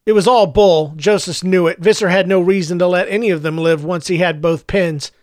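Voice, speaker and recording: A man narrating an audiobook in a steady storytelling manner. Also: high-pitched, a little fast, dry recording, clean studio sound. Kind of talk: scripted narration.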